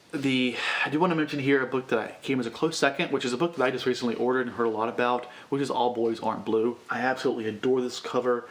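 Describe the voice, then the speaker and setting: A man's voice: mid-range voice, fast, hardly any pauses. A man hosting a book tag vlog, talking in a gushing, effusive way about covers and reading plans. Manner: gushing, effusive, repeats himself when excited. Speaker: book vlogger.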